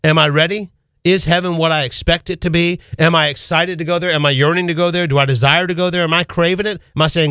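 A man hosting a call-in radio show, preaching with fervent, rapid-fire rhetorical questions from a studio. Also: on the high side, fairly bright tone, no room sound. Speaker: radio talk show host.

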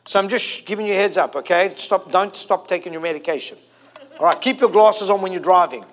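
A preacher in his forties with a notably high-pitched voice. He delivers his sermon emphatically, repeating and drawing out his key phrases. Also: a little fast, a bit bright. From South Africa.

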